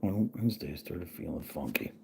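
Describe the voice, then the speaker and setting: A man's voice: deep voice, lively intonation, fairly quick, vocal fry, dark tone, a little hiss or hum. A man hosting his own channel, venting in a profane, angry and sarcastic casual rant while working at his computer. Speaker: channel host.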